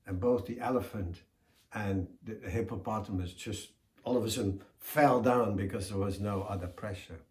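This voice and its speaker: Low-voiced man telling a folk story slowly, echoey room. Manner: slow, deliberate, expressive.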